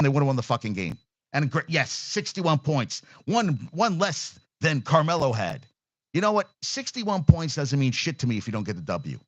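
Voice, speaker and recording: A man's voice: on the high side, sing-song, moderate pace, dry recording. A man hosting a casual sports talk show, ranting bluntly and profanely with an exasperated edge.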